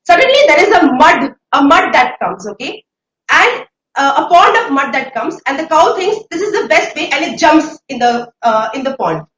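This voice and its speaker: A woman hosts a live online conference. Her voice is very high and swings up and down with energy. She sounds set back from the mic in a roomy, echoing space. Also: normal speed. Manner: energetic, addresses audience as ladies and gentlemen. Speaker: event host. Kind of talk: live-stream conference hosting. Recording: echoey room, distant mic.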